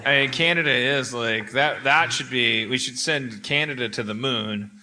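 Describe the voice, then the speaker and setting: A man from Wisconsin hosting a live comedy podcast, riffing and swearing through quick jokes. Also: mid-range voice. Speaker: podcast host. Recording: live stage mic with audience noise.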